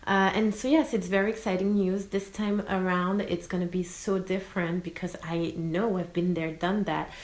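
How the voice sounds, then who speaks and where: A woman's voice: on the low side, moderate pace, hardly any pauses, roomy sound, poor audio. A woman in her thirties from France with a French accent, chatting expressively to her vlog audience as a mother. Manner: expressive, sprinkles in French words. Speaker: vlogger. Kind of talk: casual vlog talk.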